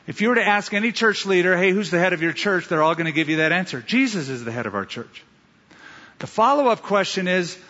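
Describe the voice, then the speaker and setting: Telling stories and driving points home through repetition, a pastor preaches to his congregation with emphatic, preacherly delivery. His slightly high voice is bright and forceful. The audio is a little dull, with a large hall's long reverb.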